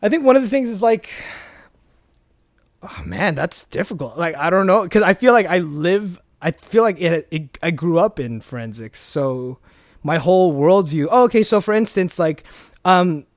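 Young adult male guest, fairly high voice, rambling and profane, dry close mic. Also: moderate pace, no room sound. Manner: rambling with restarts, swears freely, animated. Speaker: guest, former speech competitor. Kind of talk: casual interview chat.

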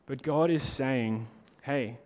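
A man preaching a sermon in a casual, animated way, talking to the congregation like friends. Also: medium pitch, a little slow. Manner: conversational, animated preaching with lots of "like". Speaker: pastor. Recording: long hall reverb.

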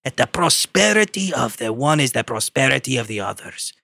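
A man's voice: medium pitch, sing-song, brisk, gravelly, bright, forceful tone, dry recording, heavily acted. A man reading aloud as an old male boar rousing the animals to revolt, with a mock foreign accent. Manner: mock Russian-style accent, speech-making. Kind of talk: comic read-aloud.

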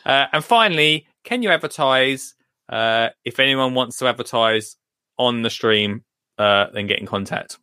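A man's voice: medium pitch, moderate pace, pushed and bright, smooth, no room sound, studio quality. A British man hosting a live gardening stream, chatting casually, joking and laughing as he reads out viewer comments. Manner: jokey, laughs often, reads comments aloud. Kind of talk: casual chat.

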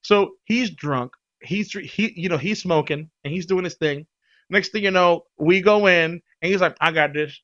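A man casually telling a vacation story on a podcast, animated, often laughing and acting out what people said. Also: high voice, moderate pace, muffled recording.

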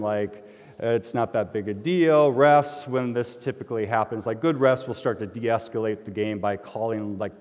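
A middle-aged man, a pastor, telling a personal story in a relaxed sermon, speaking conversationally and getting loud and animated when he gets excited. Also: mid-range voice. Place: church sanctuary. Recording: long hall reverb.

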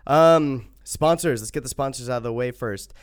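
A man's voice: mid-range voice, moderate pace, clear, resonant tone, no room sound. A young man co-hosting a podcast, joking around and laughing often between ad reads. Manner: jokey, laughs often, loud bursts. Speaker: podcast co-host. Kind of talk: casual podcast banter with ad reads.

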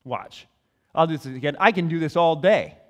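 A man's voice: fairly high pitch, moderate pace, big-room sound, natural voice. A man voicing a boastful imagined man who brags that he can keep performing miracles.

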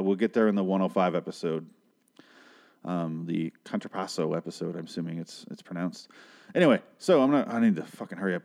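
A man's voice: on the low side, a little mellow. A man hosting a solo podcast, recapping a TV episode in a rambling, self-deprecating way, with lots of swearing and fillers. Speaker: podcast host recapping a TV show. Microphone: handheld microphone.

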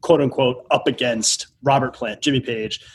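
A man hosting a casual podcast chat about music, enthusiastic and quick to agree. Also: medium pitch, fairly even intonation, husky.

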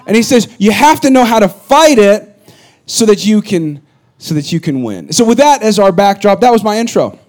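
A middle-aged man preaching a sermon as pastor, a lively storyteller who repeats his punchlines and jokes with the congregation. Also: sits high, normal speed.

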